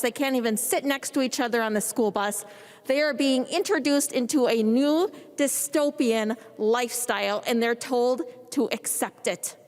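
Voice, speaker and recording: Angry woman in a reverberant chamber. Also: on the high side. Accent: Minnesotan. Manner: angry, indignant, emphatic. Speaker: state legislator. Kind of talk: floor debate speech. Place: legislative chamber. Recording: long reverb of a large chamber.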